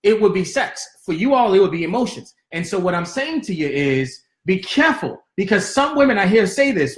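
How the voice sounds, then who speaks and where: A man in his thirties with a notably high voice gives relationship advice in a preacher's cadence. He speaks straight to his listeners and hammers his points home through repetition. The room around him sounds echoey. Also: big pitch swings, brisk, few pauses. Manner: emphatic, addresses listeners directly, repeats points. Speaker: co-host giving relationship advice. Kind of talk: preaching-style relationship talk.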